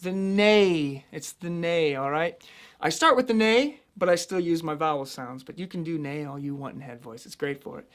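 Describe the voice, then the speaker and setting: A male vocal coach from central Illinois, talking through a singing lesson in a loose, chatty way. He explains technique plainly and slips easily into light, high demonstrations of head voice. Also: a little fast, a bit bright.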